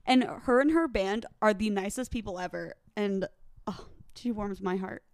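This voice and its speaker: A woman's voice: mid-range voice, moderate pace, no room sound, studio quality. A young woman hosting a casual chat, enthusiastic and teasing. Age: young adult. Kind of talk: casual conversation.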